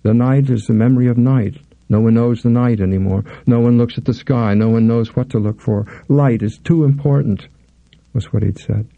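A man reading a thriller as an audiobook narrator, in measured, intense storytelling. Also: medium pitch, gravelly, dry recording, phone-quality sound. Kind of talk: scripted narration.

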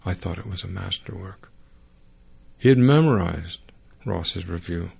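A man narrating a first-person audiobook in a wry, sardonic way, with dry dark humor. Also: low-pitched, measured pace, gravelly, breathy edge.

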